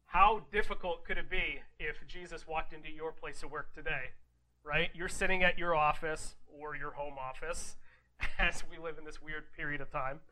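Bright-voiced preacher man, sharp and forceful. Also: fairly high pitch, steady tone, moderate pace, low-quality recording. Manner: rhetorical questions, frequent "right?" asides; reads scripture aloud, then explains it casually. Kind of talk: conversational sermon.

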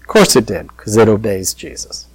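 A man's voice: lowish voice, moderate pace, slightly rough, poor audio. A man preaching a conversational sermon, telling the story in a chatty, plain-spoken way.

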